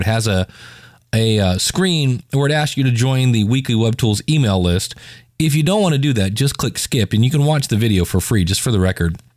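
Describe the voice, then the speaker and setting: A man's voice: mid-range voice, darkish tone, no echo, studio quality. A man hosting his own podcast, reviewing a web tool in a chatty, informal way with jokey asides. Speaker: podcast host. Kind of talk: casual solo podcast review.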